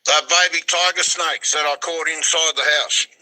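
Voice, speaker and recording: A man's voice: a little high, steady tone, moderate pace, pushed and bright, low-quality recording. A man in his sixties with an Australian accent, chatting as a guest in a blunt, laconic way and swearing freely. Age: 60s. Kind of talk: casual chat.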